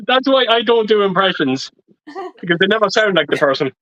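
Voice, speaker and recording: High, lively, sweary man on lo-fi audio. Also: a little fast. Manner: sweary, self-deprecating banter. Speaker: regular panelist. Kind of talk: casual livestream chat.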